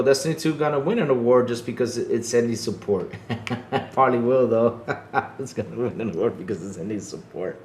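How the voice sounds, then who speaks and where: A man's voice: medium pitch, normal speed. A man hosting a casual gaming podcast, laid-back and chuckling, often repeating himself and tagging his lines with "though". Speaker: podcast host. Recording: echoey room.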